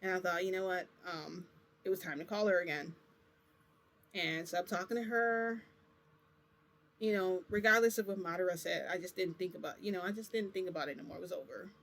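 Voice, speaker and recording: A woman's voice: on the low side, steady tone, a little fast, fairly bright tone. A woman vlogger telling a personal story in a casual, rambling way, full of fillers and asides. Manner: rambling, chatty, many fillers.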